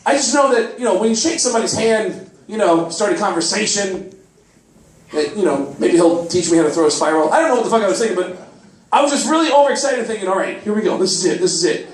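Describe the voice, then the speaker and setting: A man telling a stand-up comedy story on a club stage, animated, bursting into loud high shouts as he acts out people. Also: quick pace. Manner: animated, swings into loud high shouts when acting out characters. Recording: roomy club sound from a distance, faint noise.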